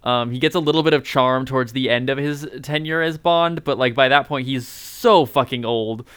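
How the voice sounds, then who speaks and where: Male podcast co-host, rambling and profane, with a smooth, resonant voice. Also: mid-range voice, normal speed, a bit bright, no echo. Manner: rambling, profane, many fillers. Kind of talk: casual podcast chat.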